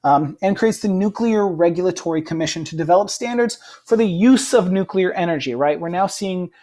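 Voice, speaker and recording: Teacher type: young man, a bit high-pitched, easygoing lecture delivery with lots of "right?". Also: a little fast, dark tone. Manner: casual, frequent "right?" check-ins and fillers. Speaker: history teacher. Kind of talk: recorded classroom lecture.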